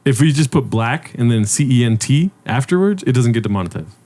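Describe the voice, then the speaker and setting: A man's voice: medium pitch, animated, fairly quick, a little mellow. A man from California co-hosting a podcast in casual chat, laid-back and heavy on fillers like "you know.". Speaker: podcast co-host.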